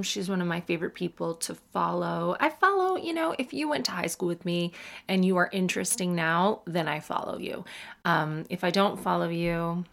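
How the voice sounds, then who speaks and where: A woman in her thirties hosts a podcast in a low, gravelly voice. She speaks with a General American accent in a loose, chatty way. She keeps slipping in quick jokes at her own expense. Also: a bit bright. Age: 30s. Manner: chatty, self-mocking, quick asides. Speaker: podcast host and comedian. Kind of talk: casual podcast chat.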